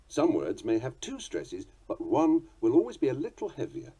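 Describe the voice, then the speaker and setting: A man's voice: medium pitch, wildly swooping pitch, moderate pace, few pauses, mellow, husky. A man with a British English accent reading a book on poetry aloud, dry, precise and wry. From England.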